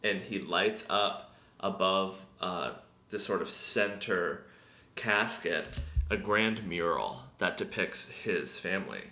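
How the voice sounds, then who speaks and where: A man chatting casually on a podcast, relaxed, with short reactions. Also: sits low, slow. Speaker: podcast co-host. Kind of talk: casual chat. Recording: roomy echo.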